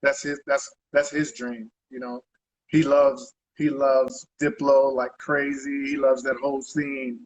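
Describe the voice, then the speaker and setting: A man's voice: medium pitch, little pitch movement, measured pace, rough recording. A man being interviewed as a guest artist, talking in a loose, rambling way and tagging his sentences with conversational asides. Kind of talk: casual interview chat.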